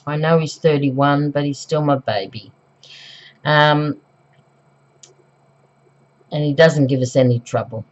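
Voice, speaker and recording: A very deep, somewhat dark voice belongs to a middle-aged Australian craft vlogger who is recovering from the flu. At home, she chats through a craft tutorial in a rambling way, with frequent ums and self-corrections, captured on a dull, lo-fi home recording.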